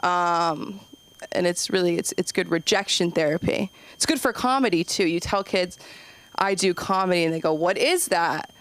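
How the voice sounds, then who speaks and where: A young woman doing open mic stand-up, rambling and self-deprecating, acting out quoted voices with sudden jumps up in pitch. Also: moderate pace, a bit bright. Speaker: stand-up comedian.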